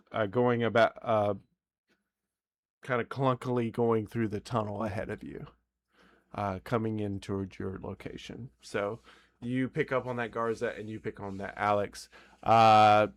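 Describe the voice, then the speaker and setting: Relaxed rambling male dungeon master. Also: fairly low pitch. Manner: relaxed, rambling, self-correcting. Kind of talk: narrating a tabletop game.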